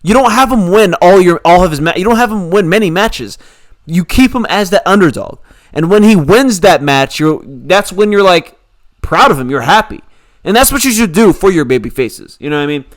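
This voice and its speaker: A man's voice: high voice, lively intonation, normal speed. A man casually recapping a wrestling show, opinionated and rambling, with lots of fillers.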